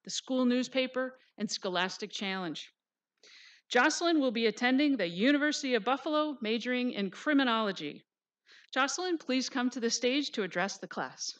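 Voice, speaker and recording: A woman with a slightly high voice reads out a student's honors at a podium. Her delivery is measured and formal, like a scripted announcement. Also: a bit bright. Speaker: ceremony presenter.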